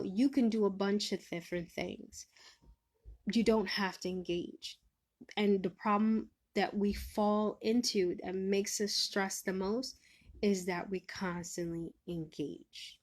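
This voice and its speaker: A woman hosting a casual live stream, giving advice and teasing viewers in the chat, laughing often and swinging between loud and soft. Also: mid-range voice.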